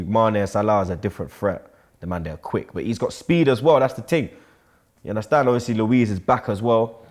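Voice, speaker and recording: A man's voice: low-pitched, a little mellow. A man with a London accent talking football in casual banter, full of slang and often checking in with "you get me". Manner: heavy slang, keeps asking "you get me", laughs often. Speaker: regular pundit.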